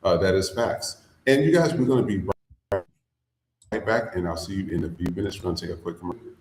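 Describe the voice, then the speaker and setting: A man's voice: sits low, brisk, a little mellow, reverberant, low-quality recording. A man hosting a podcast in casual commentary, blunt and profane, drawling with fillers. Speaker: podcast host.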